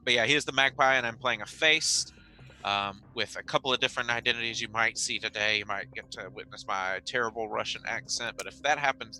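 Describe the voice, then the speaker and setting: A man's voice: on the low side, pushed and bright, rough recording. A man casually introducing himself and his character before a tabletop game, joking and rambling as he goes. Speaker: player.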